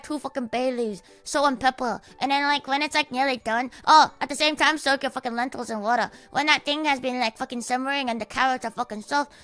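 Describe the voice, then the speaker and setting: A woman's voice: sits high, fairly bright tone. A young Australian woman livestreaming, chatting casually and swearing constantly, with a cute anime-like voice. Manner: sweary, rambling, laughs often.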